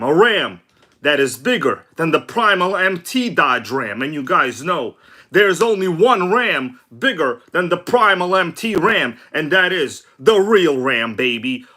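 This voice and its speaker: Hyped-up man hosting a livestream. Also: fairly high pitch. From from abroad. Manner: energetic, hyped, joking shout-outs to chat. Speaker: RC livestream host. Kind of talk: excited casual livestream chat.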